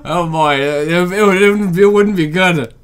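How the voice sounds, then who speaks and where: A man's voice: high voice, measured pace, clear, resonant tone. Incredulous rambling young man reacting. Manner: rambling, incredulous, repeats himself. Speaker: reaction video commentator. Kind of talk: casual reaction commentary.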